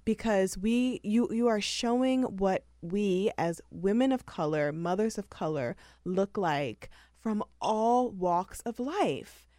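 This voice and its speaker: A woman's voice: medium pitch, takes it slowly, hardly any pauses, warm tone, dry recording, studio quality. A woman hosting a podcast interview, affirming and encouraging her guest. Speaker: podcast host. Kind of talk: casual interview chat.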